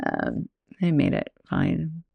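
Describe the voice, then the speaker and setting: A woman's voice: low-pitched, wildly swooping pitch, slow pace, gravelly, warm tone, no echo. A woman host and yoga teacher telling stories in a chatty, rambling way, laughing often. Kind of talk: casual storytelling monologue.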